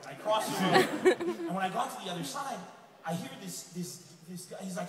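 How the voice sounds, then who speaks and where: A man from Lebanon performs stand-up, telling stories in an animated way and slipping into other people's voices. His voice sits fairly high, and it is picked up from a distance in a long, echoing hall. A loud crowd and heavy noise fill the background. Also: quick pace. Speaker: stand-up comedian. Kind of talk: stand-up comedy set. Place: comedy club stage before a laughing audience.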